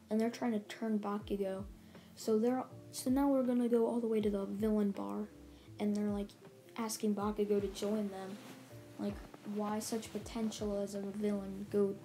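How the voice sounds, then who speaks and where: A woman's voice: medium pitch, flat delivery, unhurried, mellow. A woman casually retelling a story as a channel host, stringing events together with "and then he's like.". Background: faint background music.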